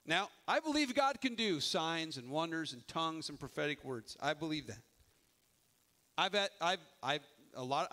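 A man's voice: sits high, bright, forceful tone. A middle-aged male pastor giving a sermon in a conversational, emphatic way, often restarting his sentences.

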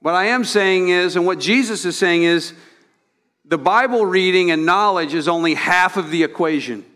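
A male pastor delivers a sermon in a slightly higher voice than most men. He talks to the congregation in an easy way, often repeats a word and asks rhetorical questions. A long reverb from the large hall trails after each phrase. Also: moderate pace, sharp tone. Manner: conversational preaching with repeated words and rhetorical questions.

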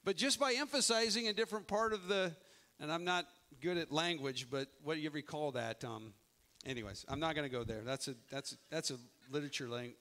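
High, bright-voiced male pastor preaching. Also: brisk. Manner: conversational, emphatic preaching with frequent restarts. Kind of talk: sermon.

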